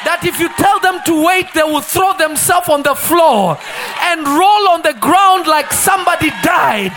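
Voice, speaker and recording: A man preaching a fervent live sermon in a church, often shouting in a sing-song cadence. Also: very high voice, animated, unhurried, some chatter behind, slight background noise. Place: church sanctuary.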